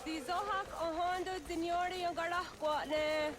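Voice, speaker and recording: A quiet village woman. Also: extremely high pitch, fairly even intonation, unhurried. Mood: calm. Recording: game audio with clear background noise.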